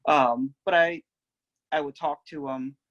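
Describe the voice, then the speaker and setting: A young man telling a personal story in a gentle, reflective, unhurried way. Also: on the high side, fairly even intonation, dull audio. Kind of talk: personal oral history storytelling.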